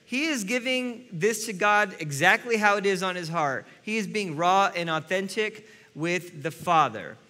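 A man's voice: high-pitched, lively intonation, a little slow, few pauses, pushed and bright, in a large hall. A man preaching a sermon as a pastor, earnest and speaking directly to his listeners.

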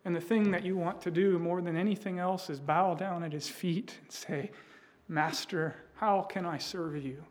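Guy with a high voice preaching, tells a story, lots of uh and um. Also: fairly even intonation, normal speed. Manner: storytelling preacher with many fillers and restarts. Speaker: pastor. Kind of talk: sermon.

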